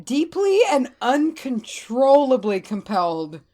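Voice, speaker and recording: A woman co-hosting a podcast, telling a history story in animated casual chat, swearing and laughing often. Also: sits high, takes it slowly. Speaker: podcast co-host.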